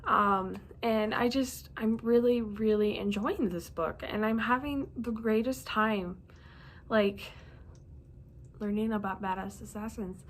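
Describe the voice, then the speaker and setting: A woman's voice: mid-range voice, slow, slight background noise. A young woman chatting casually about books in a rambling, bubbly way, sleepy and yawning now and then. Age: young adult. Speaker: reading vlogger. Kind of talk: casual chat.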